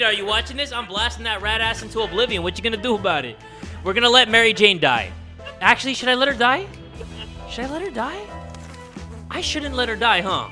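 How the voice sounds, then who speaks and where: Young male gaming host, rowdy, high and brassy, music bed under the commentary. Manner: loud, excitable, yells and swears at the game; reads game text aloud in a narrating voice. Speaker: gaming YouTuber. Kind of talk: let's play commentary.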